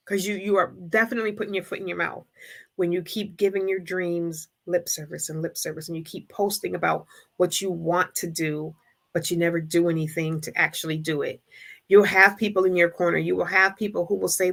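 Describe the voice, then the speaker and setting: Woman host, emphatic and direct, bright forceful voice, motivational live-stream talk. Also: mid-range voice, steady tone, moderate pace, creaky. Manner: emphatic, acts out quoted voices, casual and direct.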